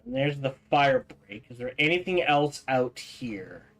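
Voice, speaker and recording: A man streaming a game reads its documents aloud at a brisk clip, with a voice of ordinary pitch for a man. He trips over words, backs up and corrects himself, and drops casual side comments between passages. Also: animated, rough recording. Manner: reads fast, stumbles and restarts, adds asides. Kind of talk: reading in-game documents aloud while playing.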